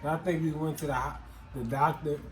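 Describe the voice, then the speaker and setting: A man's voice: a little high, fairly even intonation, fairly quick, roomy sound, faint music behind. A young man co-hosting a casual storytime chat, laid-back and joking as he cuts in. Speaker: co-host, partner.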